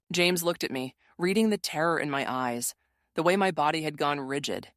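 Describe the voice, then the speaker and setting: Female narrator with a low voice, measured and steady, reading a dramatic first-person story, dry booth sound. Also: no room sound.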